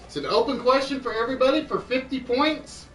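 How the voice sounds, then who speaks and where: A man hosting an online quiz show, chatting and thinking aloud, reading clues out slowly. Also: very high voice, animated, fairly bright tone, distant mic, poor audio. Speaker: game show host. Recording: voice a bit off-mic with music behind.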